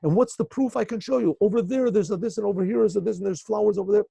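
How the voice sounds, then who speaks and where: A man's voice: sits high, animated, normal speed, warm tone, no room sound. A man voicing an angry neighbor insisting a strip of land is his, in a told story. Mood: heated, insistent. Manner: indignant, insistent pointing out. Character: angry middle-aged man claiming the land.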